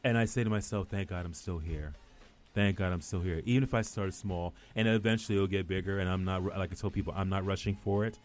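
A man's voice: deep voice, quick pace, a little mellow, faint music behind. A middle-aged man with a West Indian accent, an actor chatting as a guest and telling rambling stories full of restarts. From West Indies. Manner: rambling storyteller with many restarts. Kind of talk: casual chat.

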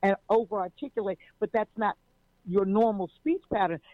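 Woman, jazz singer, interview guest, expressive storyteller, thin phone-like sound, dry. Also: medium pitch, normal speed, no echo. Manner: expressive, repeats words when starting a thought. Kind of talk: animated personal storytelling. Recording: tinny phone-like line, dry.

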